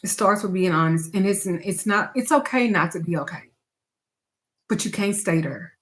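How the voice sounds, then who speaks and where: A woman's voice: medium pitch, normal speed, a bit bright. A woman speaking to her audience as a spiritual advisor and tarot reader, frank and emphatic, with blunt swearing. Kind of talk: candid talk to camera.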